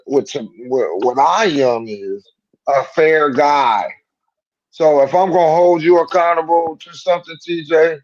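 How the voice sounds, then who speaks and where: A man co-hosting a sports call-in show, talking in a loose, slangy, animated way and riffing on jokes. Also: on the high side, muffled recording. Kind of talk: casual sports talk.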